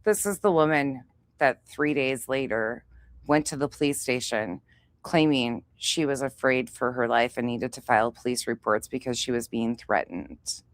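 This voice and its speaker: Woman co-host, extremely low voice, dry close sound, measured and pointed. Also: no room sound. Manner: measured, pointed, slightly smug. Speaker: co-host guest on commentary stream. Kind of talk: livestream commentary.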